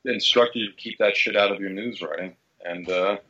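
Blunt low-voiced man, lo-fi. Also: fairly even intonation, brisk, bright, forceful tone. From Philadelphia area. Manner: blunt, profane, storytelling. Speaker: guest writer. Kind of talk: casual podcast interview.

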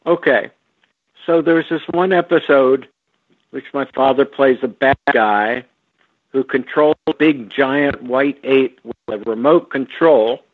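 A man talks slowly and haltingly, stopping often to restart his thoughts. His voice comes through a tinny phone connection with no room sound at all. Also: mid-range voice, dry recording. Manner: slow, halting, with frequent fillers and restarts. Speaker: guest. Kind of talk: relaxed storytelling over a phone line. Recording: tinny phone line, dry.

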